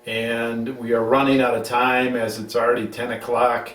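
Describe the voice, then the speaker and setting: A man's voice: medium pitch, flat delivery, moderate pace, fairly bright tone. Rambling middle-aged man hosting from afar. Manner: rambling, restarts sentences, teasing. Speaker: show host. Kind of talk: casual home-recorded chat. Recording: roomy sound, mic at a distance.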